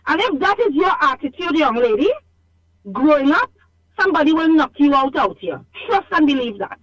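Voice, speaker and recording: A Trinidadian caller phones a radio show to complain, her tone scolding and emphatic as she repeats points to drive them home. She sits high with big pitch swings, a moderate pace and a fairly bright tone.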